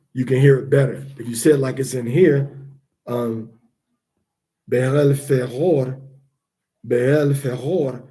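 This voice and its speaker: A man teaching the pronunciation of scripture words, repeating each sound slowly to demonstrate it. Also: medium pitch, mellow.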